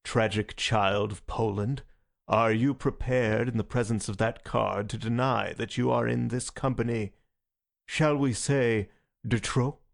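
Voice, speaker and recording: A man reading a storybook voicing a huge, imperious anarchist leader who speaks slowly and mockingly, with a gravelly edge. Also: mid-range voice, steady tone.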